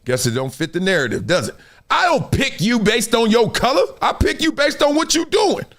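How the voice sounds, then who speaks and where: Middle-aged male host, high lively voice, animated storyteller. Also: normal speed, a little hiss or hum. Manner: animated storytelling, laughing, acts out quotes. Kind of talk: live-stream sports talk.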